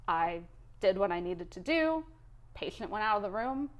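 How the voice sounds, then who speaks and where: A woman in her thirties tells a hard work story with feeling, her voice sitting in a middle pitch. She talks candidly and with energy, like a guest opening up in a relaxed interview. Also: normal speed. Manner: emotional, candid, animated storytelling. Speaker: guest, cath lab nurse.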